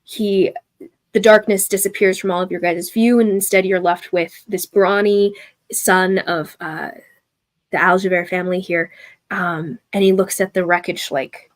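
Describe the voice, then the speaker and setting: Flat-voiced woman narrating as game master. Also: on the low side, a little slow. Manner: dramatic narration with fillers.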